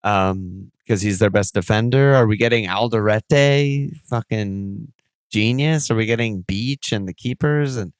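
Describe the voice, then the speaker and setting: A man hosting a podcast alone, talking in an excitable, rambling way and swearing often. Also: fairly low pitch, a little slow, clean tone, dry recording. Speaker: podcast host. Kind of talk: solo casual podcast talk.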